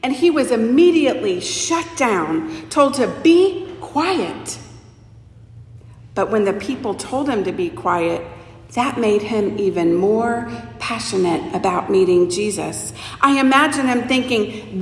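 A woman preacher giving a sermon, telling the story slowly and expressively and voicing the people in it. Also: on the high side. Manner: slow, expressive storytelling with voiced quotes. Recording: echoey church hall with long reverb.

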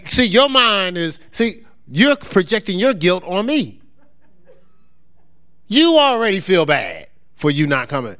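Lively, animated preacher man. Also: very high voice, clean tone. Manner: conversational preaching, acts out voices of others. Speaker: pastor. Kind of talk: sermon. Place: church.

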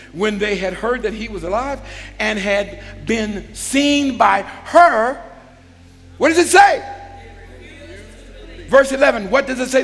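A man preaching a sermon as a bishop, calling out to the congregation and building into shouts. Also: high-pitched, gravelly. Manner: call-and-response preaching, swells into shouts. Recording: long hall reverb with faint music.

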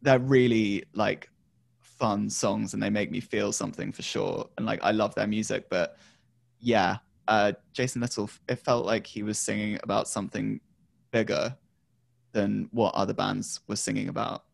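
Male co-host, low gravelly voice, dry close mic, rambling talk. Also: steady tone, normal speed, no echo. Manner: rambling, many ums and restarts. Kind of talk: casual music chat.

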